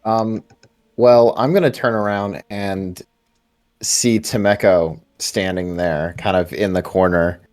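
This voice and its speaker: A man's voice: sits low, steady tone, slow, darkish tone. A man playing a tabletop game, describing his character's actions hesitantly with many fillers. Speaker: player.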